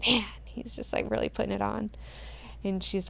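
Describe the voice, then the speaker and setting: A woman's voice: mid-range voice, fairly even intonation, normal speed, creaky, fairly bright tone, whispered. A woman hosting a book club, retelling the story in a casual, crude, slangy way with lots of filler words.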